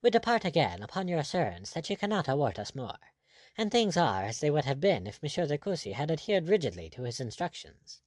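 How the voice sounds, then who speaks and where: A man's voice: on the high side, very animated, a little fast, no echo, pitched above the performer's own voice. A man reading the part of a cool, insolent buccaneer captain with an ironic manner.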